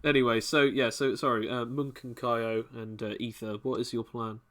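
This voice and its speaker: A man acting as game master for a tabletop game, with a bright, forward voice. He rambles and restarts his sentences as he works out rulings for the players. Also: medium pitch, little pitch movement, moderate pace.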